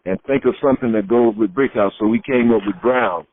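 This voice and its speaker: A man's voice: fairly low pitch, brisk. Middle-aged man telling stories over a tinny line. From Florida, USA. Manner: lively storyteller who acts out quoted voices. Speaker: retired pro wrestler, interview guest. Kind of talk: storytelling shoot interview. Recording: tinny phone-like line, dry.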